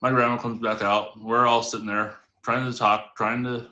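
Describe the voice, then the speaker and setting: A man guest on a live stream, casually telling a rambling family anecdote with quick restarts. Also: medium pitch, little pitch movement, pushed and bright, roomy sound, muffled recording. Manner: rambling, self-correcting storyteller. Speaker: storytelling guest. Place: home streaming setup.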